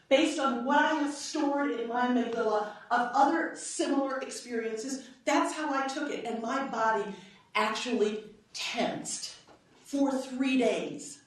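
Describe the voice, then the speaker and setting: Middle-aged woman lecturer, higher voice, animated storyteller, recorded from afar in a reverberant hall. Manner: animated storyteller, acts out quoted dialogue, frequent "right?". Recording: echoey hall, voice from far off.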